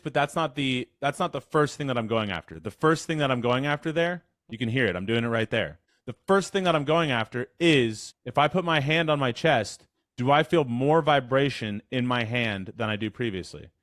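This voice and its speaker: Guy running a voice workshop over video call, mid pitch, dry close sound, chatty and energetic. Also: normal speed, no echo. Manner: energetic, chatty, demonstrates with his voice. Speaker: voice coach leading a workshop. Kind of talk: casual instructional talk. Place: online call.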